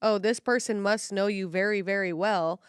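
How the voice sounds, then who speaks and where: A woman co-hosting a podcast in casual chat, chatty and quick to correct and add details, with some swearing. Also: mid-range voice, steady tone, clean tone, no echo, clean studio sound. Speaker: podcast co-host.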